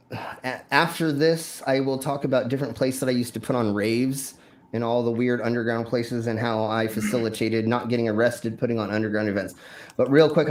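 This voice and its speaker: A man hosting a stream, telling a wild story from his past in a rambling, profane way with many fillers and restarts. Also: mid-range voice. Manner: acts out his own shouted lines in the story. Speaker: stream host. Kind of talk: casual storytelling.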